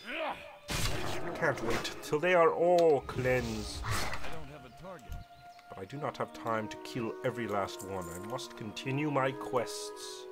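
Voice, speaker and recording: A man's voice: medium pitch, lively intonation, slow, long pauses, over music. A man voicing a pompous, zealous paladin who hates monsters, speaking in formal old-fashioned phrases as he plays a game. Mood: scornful. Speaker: game player role-playing his character. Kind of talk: in-character role-play over gameplay.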